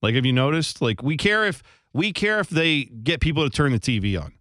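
A man co-hosting a radio talk show, arguing his point in a rambling way with halting restarts. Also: mid-range voice, lively intonation, fairly bright tone, no room sound, studio quality. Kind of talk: casual banter.

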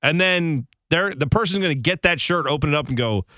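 A man's voice: a little high, animated, fairly quick, sharp tone, no room sound. A man co-hosting a radio show, telling rambling, self-deprecating stories in casual banter at a studio microphone.

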